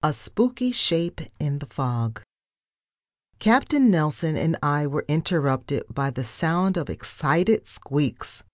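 A woman reading a children's storybook aloud in first person, with an animated delivery. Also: sits low, slow pace, no room sound, clean studio sound.

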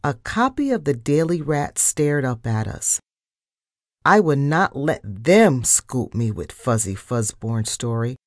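A woman reading a children's storybook aloud, narrating and giving the characters' lines with lively expression. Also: extremely low pitch, takes it slowly, no room sound, studio quality.

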